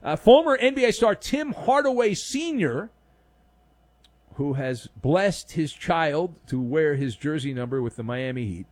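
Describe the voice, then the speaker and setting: A man's voice: on the high side, sing-song, measured pace. A man hosting a daily sports talk show, delivering a sarcastic, emphatic monologue of opinions.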